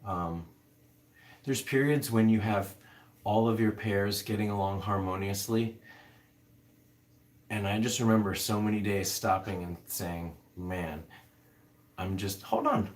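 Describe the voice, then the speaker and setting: A man's voice: lowish voice, measured pace, pauses often. A man hosting a casual livestream, rambling with many fillers as he answers viewer comments. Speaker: livestream host.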